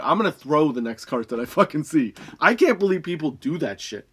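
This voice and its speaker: A young adult man, high and laughing often, reading odd facts and ranting with a lot of swearing. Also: lively intonation, a little fast, few pauses, fairly bright tone, slightly rough. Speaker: podcast host. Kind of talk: casual stoned rant.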